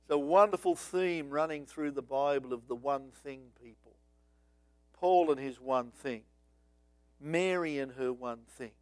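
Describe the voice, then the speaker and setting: A man's voice: medium pitch, unhurried, dry recording. A man preaching a sermon, telling a story with dramatic rises and acting out voices. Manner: dramatic, acts out voices of biblical figures.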